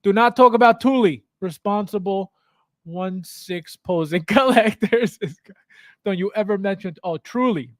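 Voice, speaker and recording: A man's voice: sits high, unhurried, no room sound, studio quality. A man hosting a casual livestream from his home basement, greeting viewers by name, reading chat aloud and laughing often. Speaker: livestream host.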